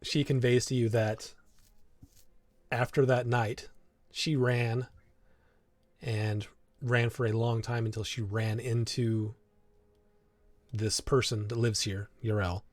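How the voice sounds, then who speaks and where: A man's voice: medium pitch, flat delivery, slow pace, pauses often, no echo. A man running a tabletop game as game master, narrating loosely with fillers and frequent laughs.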